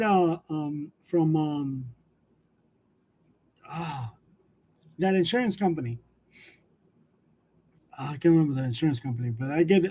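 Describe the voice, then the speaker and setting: A man's voice: high voice, warm tone. A man hosting a casual live chat with his viewers, telling stories loosely and chuckling between nearly every sentence. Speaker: livestream host of a graphic design channel. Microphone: wireless lavalier.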